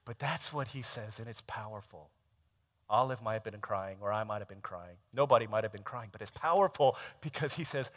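A man preaching a sermon, retelling a film scene in a conversational way, dropping to a hush and rising to loud emphasis. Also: on the low side, a little fast. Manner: conversational storytelling, swings from hushed to shouted. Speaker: pastor.

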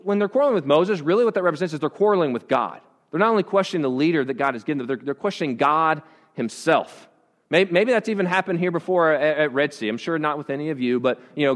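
A man's voice: fairly high pitch, in a large hall. A pastor preaching a conversational sermon to his congregation, often restarting his phrases. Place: church.

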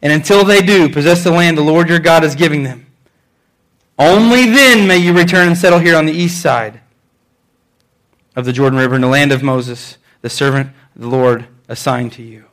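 A man preaching a sermon, reading scripture aloud and swinging between loud emphatic lines and quiet ones, often repeating phrases for emphasis. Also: fairly high pitch, moderate pace. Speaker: pastor.

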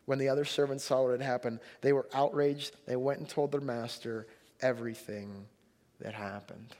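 A man's voice: mid-range voice, steady tone, moderate pace, a little mellow, long reverb tail. A man preaching a sermon in a conversational way, retelling a scripture story and pushing hard on its key lines. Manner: conversational preaching, rising emphasis on quotes. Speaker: pastor.

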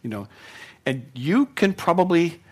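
A man's voice: on the high side, big pitch swings, measured pace. Conversational man preaching a sermon. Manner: conversational, repeats words, checks in with "right?". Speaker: pastor.

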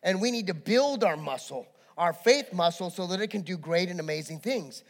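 A man preaching a sermon as pastor, telling a story with animated energy and acting out voices. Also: high voice, moderate pace, long reverb tail.

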